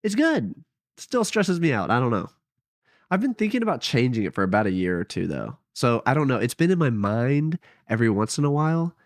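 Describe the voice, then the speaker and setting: A young man talks into a headset mic at home, rambling and hesitant, often doubting himself aloud. His voice sits at an ordinary middle pitch. The sound is close and dry with no room echo. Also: big pitch swings, brisk. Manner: rambling, hesitant, self-deprecating. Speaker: vlogger. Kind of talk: casual late-night vlog.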